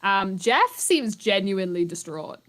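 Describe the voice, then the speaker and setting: A woman's voice: medium pitch, sing-song, a little slow, fairly bright tone. A woman running a tabletop role-playing game, narrating the scene casually with plenty of fillers. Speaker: game master.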